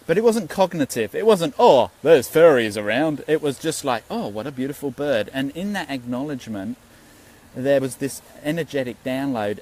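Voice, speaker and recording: A man's voice: medium pitch, darkish tone, low-quality recording. Earnest New man rambling. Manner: earnest, rambling, swears freely. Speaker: spiritual teacher. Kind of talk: Facebook Live talk.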